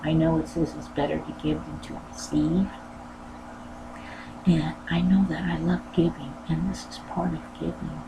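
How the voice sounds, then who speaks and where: A woman who hosts a sewing channel, talking in a rambling, earnest way and repeating her phrases, with a low voice that she says never goes higher. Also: flat delivery, normal speed, vocal fry. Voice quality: low voice that does not go higher. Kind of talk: casual personal talk. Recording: noisy background.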